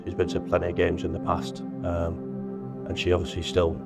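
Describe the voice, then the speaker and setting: A young man in his twenties speaks softly and fondly, with a very deep and almost monotone voice. Loud instrumental music runs under his words. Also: normal speed, gravelly. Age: 20s. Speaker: rugby player. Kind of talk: documentary interview.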